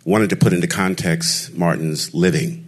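A man telling a personal story in an expressive, rhythmic way, with deliberate pauses. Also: deep voice. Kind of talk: storytelling performance.

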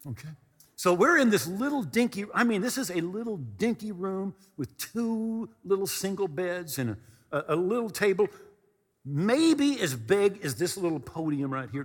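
A man preaching a storytelling sermon from a podium, animated and repetitive, moving between comic and earnest. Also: high-pitched, husky. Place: church hall at a podium. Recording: reverberant hall.

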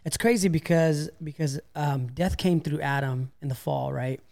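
A man's voice: a little high, normal speed, vocal fry, darkish tone. A man co-hosting a casual faith discussion podcast, speaking reflectively and casually, with fillers like "man" and "you know.". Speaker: podcast co-host.

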